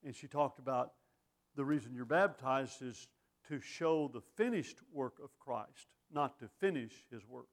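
A man's voice: mid-range voice, a little slow. A middle-aged man preaching a sermon in a folksy, conversational way, full of asides and rhetorical questions.

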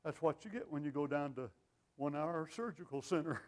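An older man preaching a sermon with an animated, self-deprecating sense of humor, often laughing at himself. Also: a little high, moderate pace. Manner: lively, animated delivery.

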